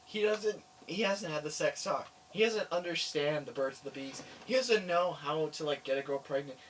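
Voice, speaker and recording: A young man co-hosting a podcast, telling a crude story with animated energy and acted-out quotes. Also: a little high, moderate pace, far from the mic, a little hiss or hum, poor audio. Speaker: podcast co-host. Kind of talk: casual storytelling chat.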